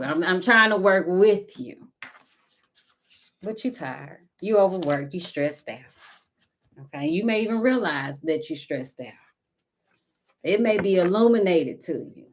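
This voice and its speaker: A woman giving a casual spiritual tarot reading, talking intimately to viewers and calling them baby and honey, sometimes dropping to a soft whisper. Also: fairly low pitch, expressive, a little slow, long pauses, slight background noise. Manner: intimate and chatty, calls listeners baby and honey. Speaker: tarot card reader.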